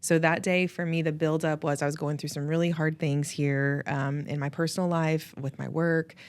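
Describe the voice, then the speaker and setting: A woman host telling a heartfelt personal story, emotional, laughing often and quoting people in lively voices. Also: deep voice, moderate pace. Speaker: podcast host.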